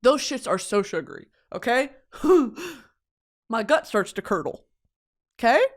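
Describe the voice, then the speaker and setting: A woman from Texas with a Texan accent, hosting a podcast and telling a comedic story in an animated, profane way, laughing often. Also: a little high, slow. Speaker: podcast host.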